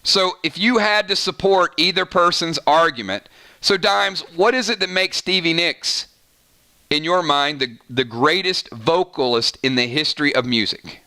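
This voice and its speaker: A man hosts a casual livestream, reading viewer comments aloud and bouncing between quick asides. His voice sits a little high and sounds bright and forward. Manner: chatty and animated, quick asides, frequent "right?". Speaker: host of a gaming channel livestream.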